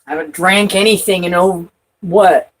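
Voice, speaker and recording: A woman vlogging in a rambling, profane monologue, swinging from loud outbursts to trailing off. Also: fairly low pitch, steady tone, moderate pace, rough recording. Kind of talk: rambling personal talk to camera.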